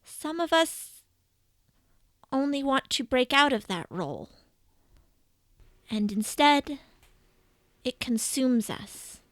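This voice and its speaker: A woman voicing a regal cat goddess elder who speaks softly, measured and motherly. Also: high voice, sing-song, no room sound, heavily acted. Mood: solemn.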